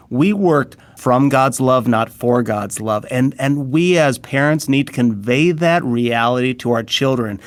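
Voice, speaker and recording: A man's voice: medium pitch, no echo. A man, a pastor hosting an interview, talking in an earnest, enthusiastic way and often repeating words as he gathers his thoughts. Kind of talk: casual interview conversation.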